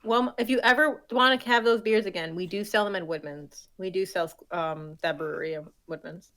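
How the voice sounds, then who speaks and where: A woman's voice: lowish voice, a little fast, fairly bright tone. A young woman co-hosting a podcast, chatting in a laid-back way, swearing casually and laughing between lines. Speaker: podcast co-host. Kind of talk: casual chat.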